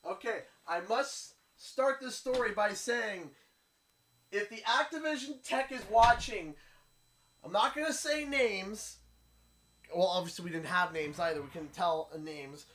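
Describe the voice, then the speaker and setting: A Canadian man streaming live, chatting casually and telling an animated anecdote while acting out what others said. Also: high-pitched, measured pace, slight background noise. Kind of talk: casual livestream storytelling.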